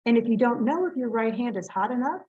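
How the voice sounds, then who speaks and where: A middle-aged woman speaks in a fairly high voice, telling personal stories in a casual, earnest way full of "you know" and quick asides. The recording is a little dull and lo-fi. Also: lively intonation, dark tone. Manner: chatty, earnest, lots of fillers and quick laughs. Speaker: Reiki master, guest speaker. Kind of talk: casual storytelling in an interview. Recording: slightly muffled, lo-fi audio.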